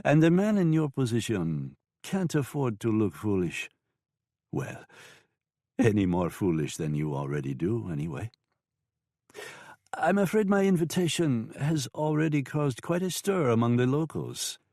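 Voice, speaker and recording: A man voicing a sly, mocking saloon madam with a French accent in an audiobook, speaking slowly and smoothly. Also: medium pitch, big pitch swings, warm tone, dry recording, studio quality, voice pushed up. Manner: smooth, taunting, slow and drawn-out. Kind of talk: audiobook character voice.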